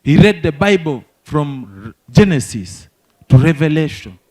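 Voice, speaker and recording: A young Ugandan man from the north doing stand-up, telling animated stories and talking to the crowd. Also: on the high side. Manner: animated, quick storytelling with crowd asides. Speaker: stand-up comedian. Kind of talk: stand-up comedy storytelling.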